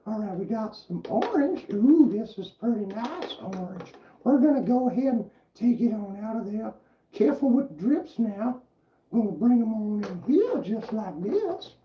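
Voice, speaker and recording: A man's voice: high-pitched, big pitch swings, unhurried, reverberant, lo-fi sound, a little hiss or hum, voice pushed up. A man putting on a folksy Cajun accent, drawling homespun instructions during his livestream. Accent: attempted Cajun.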